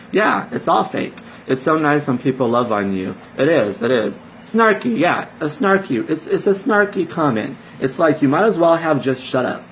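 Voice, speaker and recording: A man's voice: a little high, a little hiss or hum, rough recording. A man, a network marketer, giving a casual motivational talk to his team, emphatic and preachy, repeating phrases for stress.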